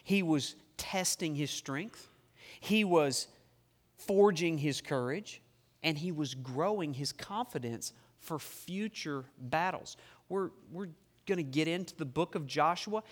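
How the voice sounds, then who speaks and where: A male pastor preaching a sermon in a church, emphatic and joking, stretching key words slowly for effect. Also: on the high side. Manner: humorous, emphatic preaching with dramatic slowdowns. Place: church sanctuary. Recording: long reverb of a church hall.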